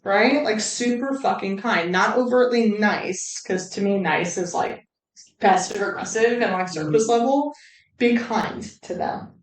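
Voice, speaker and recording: Brief: candid woman host, blunt and profane, mid pitch, slightly off-mic in a roomy space. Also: a little slow, distant mic. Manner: blunt, heavy swearing, animated asides. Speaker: recovery channel host. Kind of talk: casual candid talk.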